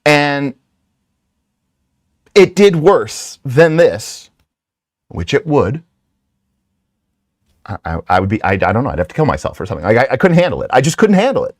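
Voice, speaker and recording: Middle-aged male host, lively swooping delivery, dry close sound, rambling and self-deprecating. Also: mid-range voice, moderate pace, long pauses, no echo. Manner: self-deprecating, animated storytelling with frequent restarts and asides. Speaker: channel host. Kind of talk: casual rambling talk.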